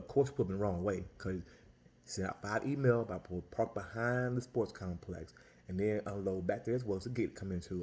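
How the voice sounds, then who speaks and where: A man who sells Italian ice tells a story as a casual, exasperated rant, full of restarts and repeated words. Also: lowish voice. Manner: animated, exasperated, lots of restarts and repetition.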